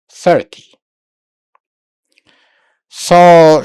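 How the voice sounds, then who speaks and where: A woman teaching a Sanskrit lesson online, thinking aloud while she works on screen, halting and repeating words, often restating them in Spanish. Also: fairly low pitch, lively intonation, darkish tone, smooth, no room sound, studio quality.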